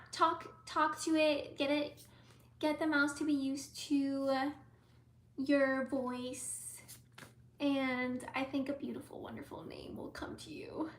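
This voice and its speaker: A young woman giving tarot readings on a live stream in a casual, dreamy way, often slipping into soft whispers. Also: high-pitched, roomy sound.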